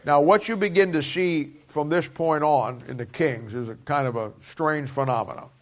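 A middle-aged man preaching a Bible teaching sermon, emphatic and repeating key phrases, dropping quieter at times. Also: on the high side, moderate pace.

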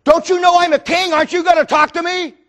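A man's voice: very high-pitched, sing-song, a little fast, a bit bright, full character voice. A preacher putting on a scornful taunting king. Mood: threatening. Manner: mocking, taunting. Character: scornful proud king, man.

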